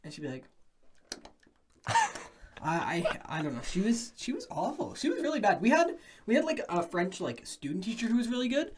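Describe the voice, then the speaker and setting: Young male podcast co-host, lively rise and fall in his voice, rambling casual talker. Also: sits high, a little fast, noisy background. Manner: rambling, repeats himself. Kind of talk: casual chat.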